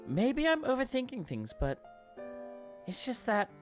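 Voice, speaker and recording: A woman reading the lines of an earnest young female oracle in a soft, hesitant way. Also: a little high, very animated, a little slow, over music, voice pushed up. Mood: anxious.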